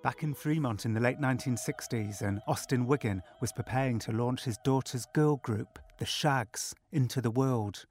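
A man's voice: mid-range voice, normal speed, hardly any pauses, music in the background. Curious male podcast host. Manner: curious, prodding questions with a dry edge. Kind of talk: interview questions and scripted narration.

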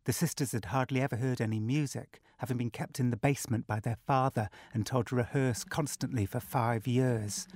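A man's voice: medium pitch, fairly even intonation, brisk, few pauses, darkish tone. Curious male podcast host. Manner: curious, prodding questions with a dry edge. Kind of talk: interview questions and scripted narration.

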